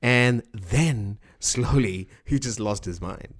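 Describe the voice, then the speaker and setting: A man's voice: fairly low pitch, slow pace. A man co-hosting a podcast in casual chat, talking hesitantly with many restarts. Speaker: podcast co-host.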